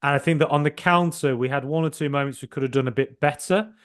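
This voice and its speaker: A man hosting a casual football podcast, animated and joking, with mild swearing and frequent restarts. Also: a little high, fast talker, smooth. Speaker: podcast host.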